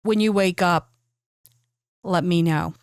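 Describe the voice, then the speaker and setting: A woman voicing a gruff, scornful male gangster boss who speaks in curt lines. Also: lowish voice, fairly even intonation, slow pace, a little mellow, no room sound, clean studio sound.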